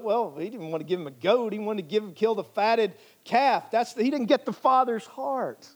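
A man's voice: high-pitched, moderate pace. A male pastor preaching a sermon in an earnest, emphatic way, repeating phrases for emphasis.

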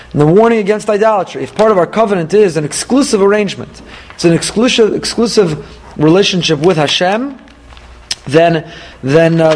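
A man, apparently middle-aged, leading a Torah class, lively and emphatic, reading Hebrew verses and paraphrasing them. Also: sits high. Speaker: rabbi teaching weekly Torah portion.

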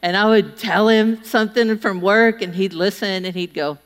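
A woman's voice: medium pitch, moderate pace, slight background noise. A middle-aged woman giving a humorous speech to an audience as a public speaker, chatty and folksy, acting out the people she quotes. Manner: chatty, folksy, acts out quotes with lively voices. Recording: long reverb of a large hall.

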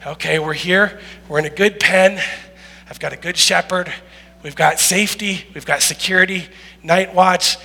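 Guy doing a dumb little sheep voice, high and chirpy, carefree, big echoey hall. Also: steady tone, normal speed, creaky, bright, forceful tone, heavily acted. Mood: smug. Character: silly wandering sheep, careless and dim.

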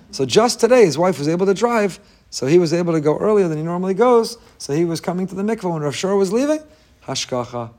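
A man leading his daily inspirational talk as a rabbi, speaking with fervent emphasis. His voice sits a little above the usual male pitch, and he drives points home by repeating them. He sprinkles Hebrew and Yiddish terms into his English. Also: lively intonation, fast, a little mellow. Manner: emphatic, repeats phrases for stress.

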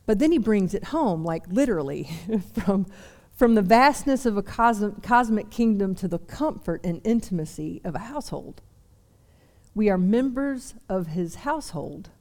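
A woman's voice: mid-range voice, expressive, normal speed, hardly any pauses. Chatty young woman preaching. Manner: warm, chatty, self-deprecating asides. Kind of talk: sermon. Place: church service before a seated audience.

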